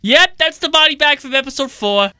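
Bright-voiced man joking through gameplay. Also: extremely high pitch, lively intonation, a little fast. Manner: joking, swearing, sudden yelling outbursts. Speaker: gameplay commentator. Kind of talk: comedic let's-play commentary.

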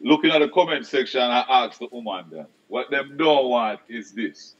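A man's voice: mid-range voice, moderate pace, a bit bright, muffled recording. A man with a Jamaican accent who hosts a casual debate, cutting in and pressing the guest with questions.

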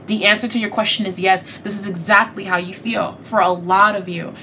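A woman giving a casual tarot reading, chatty and animated, speaking straight to her viewers and laughing often. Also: mid-range voice, a little fast, slight background noise. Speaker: tarot reader.

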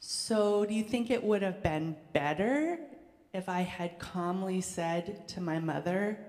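A woman pastor leading prayers and then telling a story to children in a gentle, conversational way. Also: lowish voice, slow pace. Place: church sanctuary. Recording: echoey church hall reverb.

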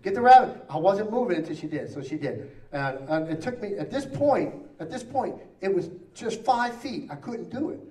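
A man preaching, telling a story in an animated way and acting out the lines of each person in it. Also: high-pitched, moderate pace. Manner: animated, acting out quotes, repeats himself. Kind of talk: sermon storytelling. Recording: roomy church sound from a distant mic.

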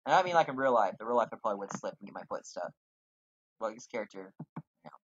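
A sarcastic gamer jokes and swears through a fantasy game, with a husky voice that swings lively up and down. The recording is dry and a little dull, from a home mic. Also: medium pitch, fast, no echo. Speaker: let's play gamer. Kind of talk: casual game commentary.

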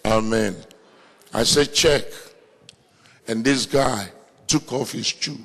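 A man with an African accent preaching a sermon as pastor, telling stories with animation and breaking into shouts. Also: mid-range voice, slow pace, breathy edge, big-room sound. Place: large church hall, live meeting.

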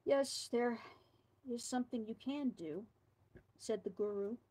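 A woman with a fairly high voice reads a scary tale aloud. She tells it like a storybook and drops in quiet asides of her own. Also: measured pace, husky, rough recording.

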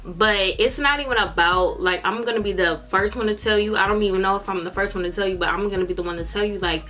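Bright, profane young woman vlogger. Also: medium pitch, fast talker, faint music behind. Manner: profane, animated, slangy storytelling. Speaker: YouTuber. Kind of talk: casual storytelling vlog. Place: indoors under bright lights.

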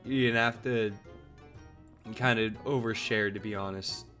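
A young man streaming, chatting casually and joking while he plays, his voice hoarse. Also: lowish voice, a little slow, soft background music. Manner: lively, chatty, jokey. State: hoarse, coughing. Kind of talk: casual chat while gaming.

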